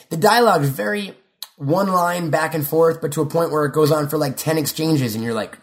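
A man's voice: on the high side, fairly quick. A young man in casual chat, rambling and swearing freely as he jumps between stories and quotes. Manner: rambling, swears often, quotes movie lines.

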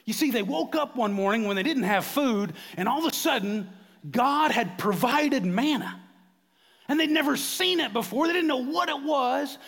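A middle-aged man preaching a sermon, swinging between quiet, confiding moments and loud, fervent outbursts. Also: very high voice, expressive, normal speed, gravelly, long reverb tail. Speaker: pastor.

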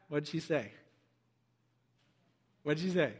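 Male pastor, high voice, animated sermon delivery, long reverb. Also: unhurried, long pauses, husky. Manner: animated, acts out quoted voices.

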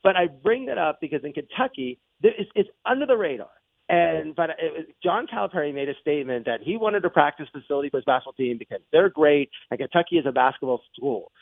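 Gravelly excitable man on sports radio. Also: on the high side, fast, dry recording. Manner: excitable, rambling. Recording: tinny phone-like broadcast audio.

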